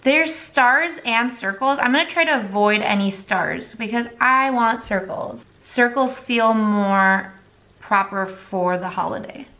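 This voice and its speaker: A woman's voice: a little high, a little slow, pushed and bright. A young woman chatting casually at home through a makeup tutorial, rambling and now and then baby-talking to her dog. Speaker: makeup vlogger.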